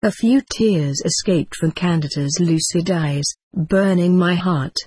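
A woman narrates a story in a measured, gentle reading voice. Her tone is breathy and a little low, recorded dry and close with no room echo. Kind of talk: audiobook narration.

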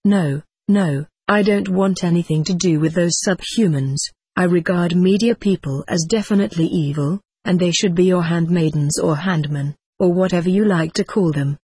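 A disdainful old man author in a storybook, brushing off every offer with curt scorn, as the reader plays him. The voice is husky and the sound is close and dry. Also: medium pitch, normal speed, few pauses, a little mellow, dry recording. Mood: scornful. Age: older.

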